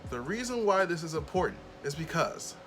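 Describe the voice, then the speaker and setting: A man's voice: on the high side, very animated, brisk, a bit bright, faint music behind. A man hosting a casual commentary vlog, talking bluntly and openly indignant. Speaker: commentary YouTuber, host.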